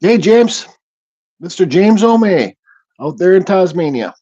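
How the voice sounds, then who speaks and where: A man with a fairly high but mellow voice talks loosely through a livestream, greeting viewers and reading their comments aloud. His speech is relaxed and a bit mumbled, and the sound is slightly dull and lo-fi. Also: unhurried, breathy edge. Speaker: livestream host. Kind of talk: casual livestream chat.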